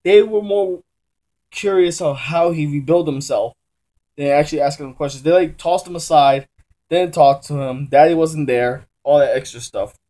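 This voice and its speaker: A man's voice: fairly high pitch, moderate pace, mellow. A young man casually reviewing a comic book at home, rambling and often correcting himself as he talks in loose slang. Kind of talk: casual chat. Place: room at home during a move.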